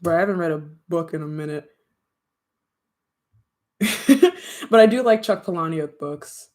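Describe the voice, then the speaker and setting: Young adult streamer, loose rambling chat, frequent giggles, slangy, mid-pitched voice. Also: expressive, measured pace, darkish tone. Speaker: streamer and audio creator. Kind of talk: casual livestream chat with viewers.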